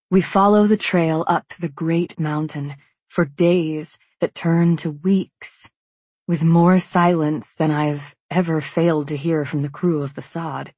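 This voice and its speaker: A woman narrating a first-person fantasy novel in a calm, reflective way. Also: deep voice, slightly rough, no room sound. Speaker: audiobook narrator.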